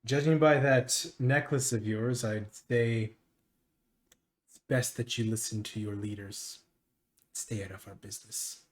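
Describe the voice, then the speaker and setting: A man's voice: fairly low pitch, steady tone, echoey room, natural voice. A man playing a smug, scheming male mage official who talks down to others. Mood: threatening. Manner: condescending, slow and menacing.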